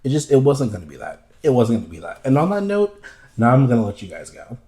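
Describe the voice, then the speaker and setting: A man's voice: mid-range voice, very animated, fast, warm tone. A man hosting a podcast in casual chat, ranting with heavy profanity and emphatic repetition. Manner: campy, mocking quoted voices. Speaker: podcast host.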